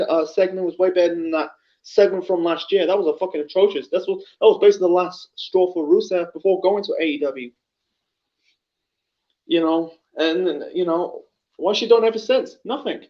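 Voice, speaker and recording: A man's voice: high voice, lo-fi sound. A man ranting in a blunt, profane, repetitive way as a solo commentary vlogger.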